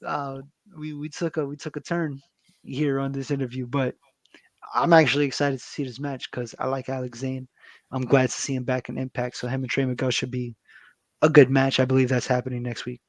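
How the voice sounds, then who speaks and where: A man's voice: medium pitch, flat delivery, fairly quick, no echo. A man co-hosting a podcast, casually recapping a wrestling episode with loose, profane banter. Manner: loose and profane, with frequent fillers and laughs.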